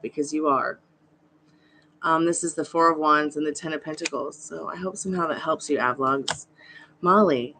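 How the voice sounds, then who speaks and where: A woman's voice: low-pitched, fairly bright tone, slight background noise. A woman hosting a live tarot reading stream, chatty and reassuring as she greets viewers by name. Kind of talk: casual live-stream chat.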